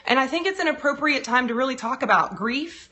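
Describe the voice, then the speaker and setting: Bright, upbeat woman live-streaming. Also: high voice, expressive, fairly quick. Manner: upbeat, greets viewers by name; earnest, heartfelt. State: holding back tears. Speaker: financial and business coach. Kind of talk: live-stream chat greeting viewers.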